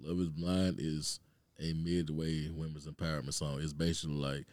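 A man's voice: a bass voice, flat delivery, moderate pace, darkish tone, dry recording. A man co-hosting a podcast, joking around in loose, slangy casual chat. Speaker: podcast co-host.

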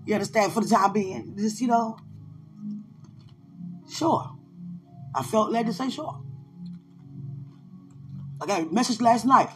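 A woman hosting a podcast, talking casually about faith and preaching in an animated way, laughing often and speaking straight to her listeners. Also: on the high side, a little slow, pauses often, over music. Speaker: podcast host, preacher and gospel rapper.

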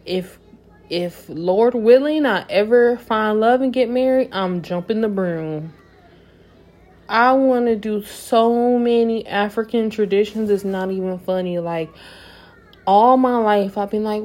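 A woman's voice: medium pitch, unhurried. Young woman, emphatic and passionate. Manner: emphatic, swings from soft musing to loud passionate outbursts. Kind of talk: casual personal monologue.

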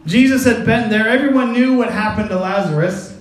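A pastor with a high-pitched voice preaches a sermon in a casual, joking way, laughing often and quickly putting on voices for the people he describes. His voice rings through a roomy, echoing space.

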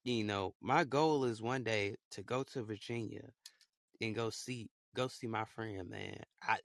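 A man's voice: mid-range voice, animated, moderate pace, creaky, no room sound, clean studio sound. A young man hosting a casual solo podcast, talking in a rambling, repetitive, heartfelt way. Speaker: podcast host.

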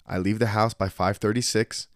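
A man's voice: on the low side, fairly even intonation, normal speed, no echo, studio quality. A man hosting a podcast, talking casually in a blunt, profane, emphatic way. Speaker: podcast host and martial arts school owner.

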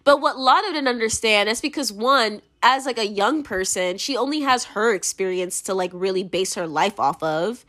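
A woman's voice: medium pitch, moderate pace, few pauses, pushed and bright. A young American woman giving her opinions in a casual monologue, rambling, blunt and profane, with lots of "like". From United States. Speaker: commentator.

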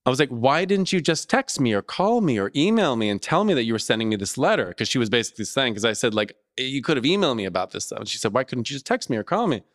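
A man's voice: mid-range voice, sing-song, fast talker, hardly any pauses, no room sound, studio quality. A man co-hosting a podcast, casually telling a story and acting out both sides of a phone call. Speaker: podcast co-host and landlord.

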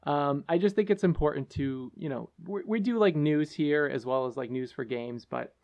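A man co-hosting a casual podcast, talking in an earnest, halting way with many fillers. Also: on the high side, darkish tone, muffled recording. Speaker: podcast co-host.

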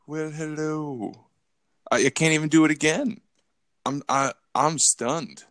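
A man's voice: fairly high pitch, moderate pace, a bit bright, no echo. Chill guy cohosting a podcast, jokey and sweary, dry close mic. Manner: laid-back, joking, swears freely. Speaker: podcast co-host. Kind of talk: casual chat.

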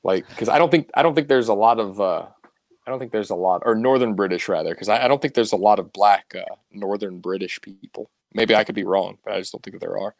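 Low-voiced rambling young man in casual chat. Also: quick pace, dry recording. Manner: rambling, swears casually, many fillers. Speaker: podcast co-host.

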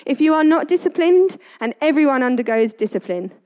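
A woman's voice: sits high, expressive, brisk, a little mellow. A woman giving a casual devotional talk, telling family stories in a chatty way and often laughing. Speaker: Christian speaker.

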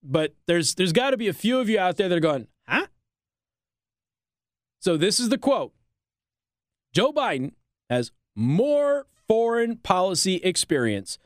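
A man's voice: sits high, very animated, a little slow, no echo. A man hosting a talk radio show in a studio, delivering a sarcastic, opinionated monologue and laughing at his own jokes.

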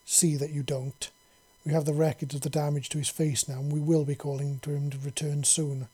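Gentle, motherly alien doctors who coo and fuss over their patient, as a male narrator puts them on. The voice sits a little high, with a husky, mellow tone. It stays soft and soothing throughout the storybook reading. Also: flat delivery, fairly quick. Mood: stern.

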